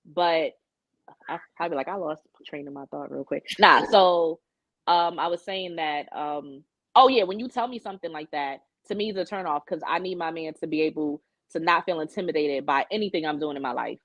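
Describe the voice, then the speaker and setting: A woman's voice: deep voice, moderate pace, a bit bright, dry recording. A young woman, co-hosting a podcast and telling her dating stories candidly, swearing freely. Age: young adult. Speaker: podcast co-host. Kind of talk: casual chat. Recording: dull lo-fi sound.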